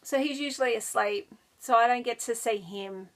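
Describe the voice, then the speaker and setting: A woman's voice: a little high, normal speed. An Australian woman chatting casually to camera as a knitting podcaster, rambling and giggling as she goes. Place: child's bedroom at home.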